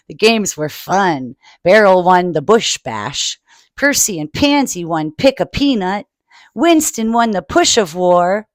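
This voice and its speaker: A woman's voice: fairly low pitch, big pitch swings, no room sound. A woman reading a picture book aloud to children and adding her own asides. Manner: slow, adds asides for children.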